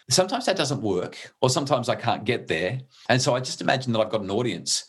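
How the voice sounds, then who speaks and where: A man's voice: medium pitch, animated, fast, hardly any pauses, fairly bright tone, slightly rough. A middle-aged man explaining parenting ideas in an earnest, conversational way as a guest, restarting phrases when he gets emotional.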